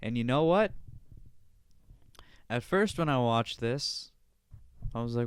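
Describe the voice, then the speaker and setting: A man delivers a solo podcast rant in a smooth, clear voice, cursing freely and jabbing "all right?" into his points. The sound is close and dry, with no room around it. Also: mid-range voice, sing-song, measured pace, long pauses, no echo. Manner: profane, indignant, ranting; repeats "all right?" as a verbal tic. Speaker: podcast host.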